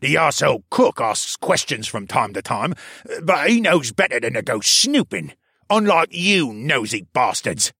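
A man voicing a gruff, spiteful older male pub owner who rants and growls at people. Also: mid-range voice, very animated, normal speed, sharp tone, no room sound, studio quality, voice pushed up, exaggerated voice. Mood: dismissive.

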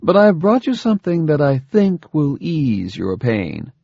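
A man voicing a calm, dryly mocking scientist father in an audiobook. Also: fairly high pitch, measured pace, no echo, highs cut off, voice pushed up, full character voice. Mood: sardonic calm. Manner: dry, smooth, faintly mocking.

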